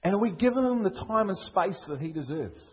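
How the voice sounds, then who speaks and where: Man, Liverpool accent, preaching, husky voice, slightly high, muffled lo-fi sound. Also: lively intonation, brisk. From England. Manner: emphatic, rhetorical questions, repetitive preaching. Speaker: pastor. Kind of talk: sermon.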